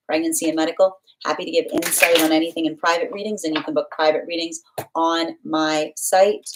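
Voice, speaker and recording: A low-voiced woman hosts a live-stream tarot reading, warm, chatty and affectionate, greeting viewers by name, reading comments aloud and rambling with fillers as she reads the cards. The low-quality recording has slight background noise.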